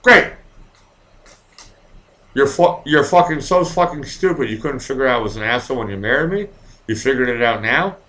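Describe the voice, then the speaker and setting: A man's voice: medium pitch, lively intonation, quick pace, a little hiss or hum. A man, ranting profanely while chatting live with viewers and reading their comments. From Massachusetts, near Boston. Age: 40s. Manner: profane, rambling and ranting, swings from mumbling to loud outbursts. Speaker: live stream host.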